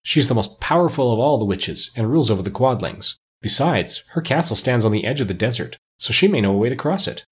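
A man's voice: medium pitch, expressive, fast talker, hardly any pauses, husky. A man voicing a timid palace soldier who explains things carefully, in an audiobook reading. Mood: informative.

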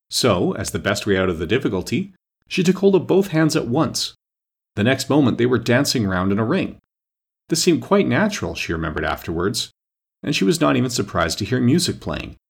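A man narrating a classic children's book with expressive storytelling. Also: medium pitch, fairly quick, vocal fry, slightly rough. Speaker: audiobook narrator. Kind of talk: scripted narration.

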